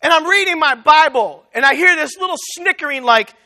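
Man preaching w a really high bright voice, animated storytelling, plays out both sides. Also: fairly quick. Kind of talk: storytelling sermon.

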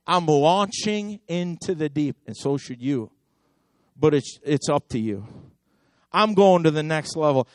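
A man preaching a sermon as pastor, impassioned and repetitive, swinging between loud exhortation and hushed intensity. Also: a little high, lively intonation, measured pace, no room sound, studio quality. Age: adult.

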